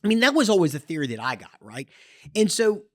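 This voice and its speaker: A podcast host delivers a heated, opinionated monologue. The pitch swings all over the place, lively and animated. Sentences keep restarting and stumbling over repeated words as the passion builds. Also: quick pace. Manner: impassioned, gets worked up, many restarts and repeated words.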